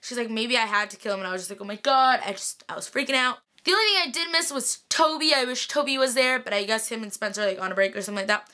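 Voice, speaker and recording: Young female vlogger, rather high and sparkly voice, gushing fangirl recap, full of sighs and filler. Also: lively intonation, very fast, hardly any pauses, sharp tone. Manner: gushing, sighing fangirl talk full of "like" and "freaking". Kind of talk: casual excited recap chat to viewers.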